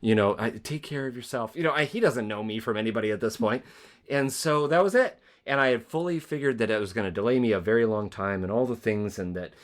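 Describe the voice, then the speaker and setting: A man's voice: on the low side, fast talker. A man hosting a podcast, telling a personal story in an earnest, rambling way with many restarts. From Spokane, Washington area. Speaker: podcast host. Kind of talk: conversational interview.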